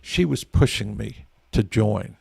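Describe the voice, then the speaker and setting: Gravelly older man telling war stories. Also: fairly low pitch, a little slow, no room sound. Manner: rambling, earnest, frequent restarts. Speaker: guest, veteran. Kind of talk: casual storytelling interview.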